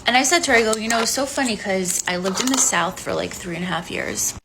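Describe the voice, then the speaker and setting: A woman's voice: medium pitch, expressive, fast talker, creaky, noisy background. A woman in her forties speaking frankly in a candid vlog monologue, telling a personal story in a blunt, unfiltered way. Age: 40s.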